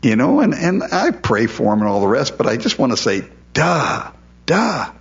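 A man's voice: mid-range voice, sing-song, fairly quick. A conversational male pastor, slightly muffled. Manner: conversational, repeats words when emphatic. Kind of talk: sermon.

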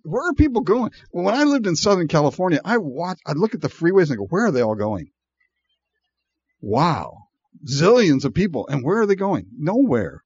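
A man's voice: high-pitched, slightly rough, dry recording, dull audio. A man preaching a sermon in a conversational way, acting out the people in the story and laughing often. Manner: animated and conversational, acting out voices with frequent laughs. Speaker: pastor.

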